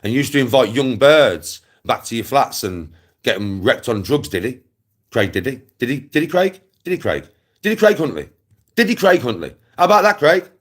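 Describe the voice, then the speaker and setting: This West Midlands vlogger mocks and taunts in a casual rant to camera, hammering the same jibes and breaking into laughs. He uses a mid-range voice with big pitch swings at a normal speed.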